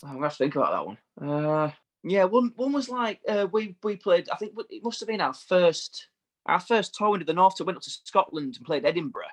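A man, a touring bass player, telling rambling tour anecdotes in casual chat. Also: big pitch swings, fairly quick. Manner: rambling storyteller, laughs through anecdotes.

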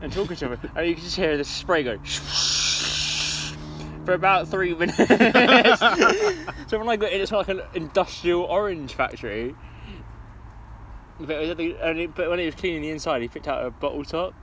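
Man podcast co-host, higher voice, profane laughing storyteller, faint noise behind. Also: big pitch swings, moderate pace, long pauses. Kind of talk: casual chat.

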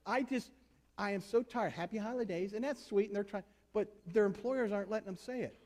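A man's voice: high-pitched, a little mellow. A man preaching a sermon in a conversational, emphatic way, asking the congregation rhetorical questions. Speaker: pastor.

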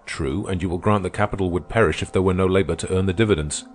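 A man reading aloud, voicing a confident male debater who speaks gravely and matter-of-factly in an audiobook. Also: sits low, fast talker, slight background noise, lightly acted. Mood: assured. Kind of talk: audiobook character voice.

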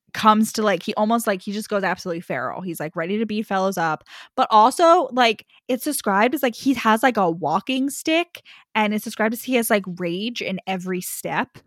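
Young woman, sweary and animated, dry sound. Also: mid-range voice, no room sound. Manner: sweary, animated, acts out characters in quick voices. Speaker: podcast co-host. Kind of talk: casual book recap chat.

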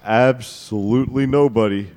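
A man in casual comedic game role-play, reacting quickly and excitably. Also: mid-range voice.

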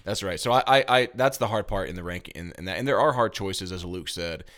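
A man with a Southern US accent co-hosting a board game podcast in casual, lively, self-deprecating chat. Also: low voice, fairly quick. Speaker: podcast co-host.

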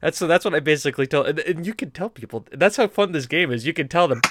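A young man co-hosting a podcast, telling long, animated stories that ramble and restart mid-phrase. His voice sits a little high, and the sound is dry and close with no room echo. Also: fast talker. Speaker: podcast co-host. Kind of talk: casual storytelling chat.

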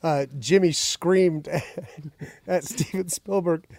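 A man in a casual group chat, recounting a story with halting restarts. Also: fairly high pitch, darkish tone, no echo.

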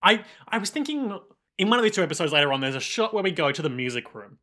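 A man with a bright, slightly high voice talks through an anime episode with a co-host. He rambles with quick jokes and asides, in an easy chatty way. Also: very animated. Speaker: podcast co-host. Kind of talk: casual chat recapping an anime.

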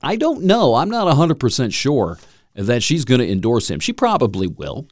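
A man's voice: mid-range voice, sing-song, normal speed, no room sound, clean studio sound. A man hosting a solo podcast, talking in a loose, rambling, wry way and chuckling at his own jokes. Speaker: podcast host. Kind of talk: casual solo podcast monologue.

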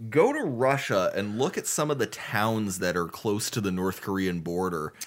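Rambling man with a low voice. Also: animated, normal speed, a little hiss or hum. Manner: rambling, with many fillers and profanity. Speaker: podcast co-host. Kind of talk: casual podcast chat.

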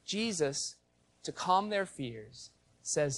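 Higher-voiced man preaching a teaching sermon. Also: moderate pace. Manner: teacherly, explains the Greek and asks the congregation questions. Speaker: pastor. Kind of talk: expository sermon.

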